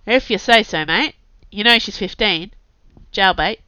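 A woman's voice: mid-range voice, a little slow, pushed and bright, smooth, no echo, voice pushed up. A woman voicing a tough, wry young male drifter who taunts casually, on a dull, dry lo-fi recording. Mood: mocking.

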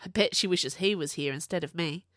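A woman voicing a young male wizard who is hurt and subdued, speaking low and gently with a wry edge. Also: brisk, no echo, clean studio sound, lightly acted. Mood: dry.

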